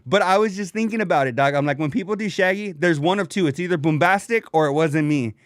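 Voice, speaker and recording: A laid-back man chatting casually on a podcast, full of slang and easy laughter. His voice sits a little high, and the sound is dry and close with no room around it. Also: fast, no echo. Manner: slangy, laid-back, says "dog" often, laughs a lot. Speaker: podcast co-host.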